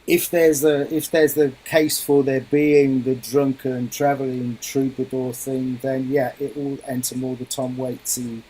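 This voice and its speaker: A man's voice: medium pitch, level tone, unhurried, few pauses, warm tone, slightly rough, low-quality recording. A middle-aged man, a guest musician, explaining his craft thoughtfully in a radio interview.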